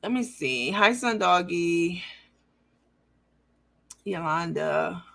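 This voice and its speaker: A woman's voice: on the low side, expressive, drawn-out words, vocal fry, bright, forceful tone. A woman hosting a livestream, reading viewer comments aloud and talking bluntly and profanely in a mocking, emphatic way.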